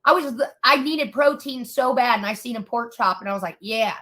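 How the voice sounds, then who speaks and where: A woman tears into someone in a heated, expletive-filled rant. Her voice sits high and rings bright and sharp. She sounds fed up and furious throughout. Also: brisk. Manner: furious, profane ranting. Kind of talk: angry rant.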